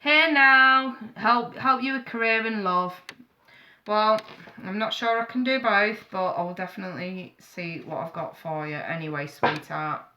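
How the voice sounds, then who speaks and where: Woman, tarot reader on a live stream; bright, forceful voice, blunt and affectionate. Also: medium pitch, steady tone, measured pace. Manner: chatty, calls viewers darling and sweetheart; blunt, frank advice with swearing.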